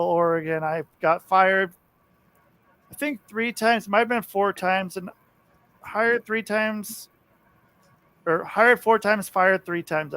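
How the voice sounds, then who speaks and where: A man's voice: sits high, fairly bright tone, no echo. A man talking as a podcast guest in brash, profane banter. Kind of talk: casual chat.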